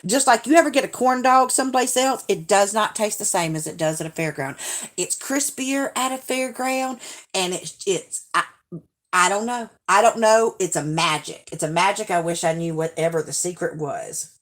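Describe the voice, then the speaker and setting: A woman chatting through a live stream. She answers viewer comments one after another, rambles into stories, and laughs easily. Her voice sits in a middle pitch. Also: expressive, moderate pace. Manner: chatty, laughs often, talks to viewers directly. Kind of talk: casual live-stream chat.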